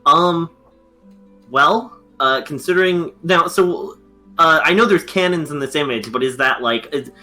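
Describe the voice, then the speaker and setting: Male tabletop player, high bright voice, rambling and jokey, many fillers. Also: measured pace, soft background music. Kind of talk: casual tabletop game play.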